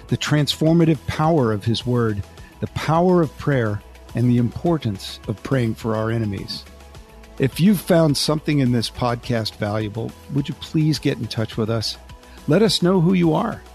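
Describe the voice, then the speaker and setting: A man hosting a podcast, calmly reading a scripted outro that invites listeners to get in touch. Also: medium pitch. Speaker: podcast host.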